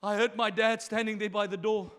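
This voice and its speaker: A man preaching a sermon as pastor, impassioned, moving between quiet asides and shouted lines. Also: sits high, flat delivery, brisk, clean tone, big-room sound.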